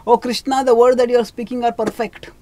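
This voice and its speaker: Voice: medium pitch, flat delivery, brisk, darkish tone, a little hiss or hum, pitched above the performer's own voice, close to an everyday voice. A storyteller voicing a pleading old blind king, in a raised and earnest tone.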